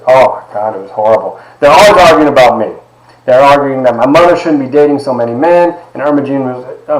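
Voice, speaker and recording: A man in his forties from Ohio, telling a candid personal story to a class in an emphatic, conversational way with frequent asides. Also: mid-range voice. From Ohio, United States. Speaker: lecturer. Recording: echoey classroom.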